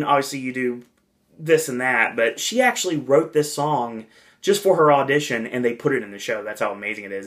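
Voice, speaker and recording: A man's voice: mid-range voice, fairly bright tone. A man hosting a casual podcast review, talking in a rambling, enthusiastic way with lots of fillers. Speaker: podcast host reviewing a theme park event.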